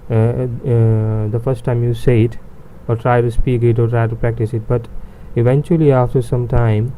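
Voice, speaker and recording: A man's voice: mid-range voice, level tone, normal speed, dark tone, a little hiss or hum, rough recording. A man teaching a beginner language lesson, repeating each sound several times with many fillers.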